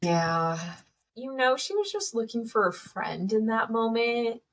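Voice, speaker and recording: A woman's voice: a little high, animated, a little slow, crowd noise. A woman co-hosting a podcast, chatting casually and reacting with sympathetic sighs. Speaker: podcast co-host. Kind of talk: casual chat.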